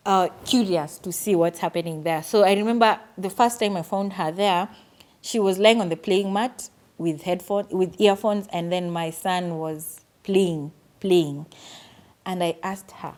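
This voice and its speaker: A young woman telling a personal story on her vlog in an earnest, animated way. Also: medium pitch. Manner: earnest, animated retelling with quoted asides. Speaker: vlogger.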